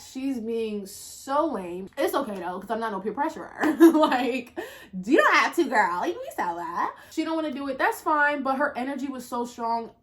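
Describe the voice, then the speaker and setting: A woman telling a personal story in a casual storytime vlog, slangy and profane, swinging from low muttering to loud exclamations. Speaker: storyteller vlogger.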